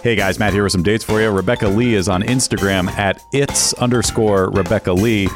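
Low-voiced teasing man, music behind. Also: fairly even intonation, brisk. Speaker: podcast co-host. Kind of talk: casual chat.

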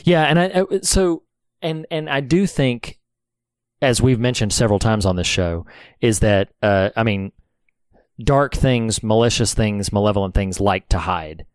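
A man co-hosts a podcast, discussing a film earnestly and reflectively while frequently restarting his sentences. His lowish voice is smooth and measured in pace, and the recording sounds dry.

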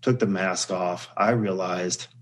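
A man talks as a guest on a podcast, his voice sitting a little low. He speaks earnestly and reflectively and slips easily into telling a story. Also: steady tone, slow, low-quality recording. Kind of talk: casual conversation.

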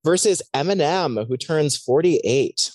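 A woman's voice: sits low, lively intonation, slow pace, darkish tone, no echo. A woman hosting a casual pop-culture chat, playful and teasing, with mock ring-announcer flourishes. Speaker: podcast host.

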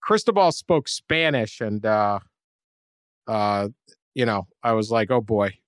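A man's voice: fairly low pitch, sing-song, slow, smooth, dry recording, studio quality. A man hosting a casual sports podcast, conversational with wry jokes and trailing fillers. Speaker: podcast host.

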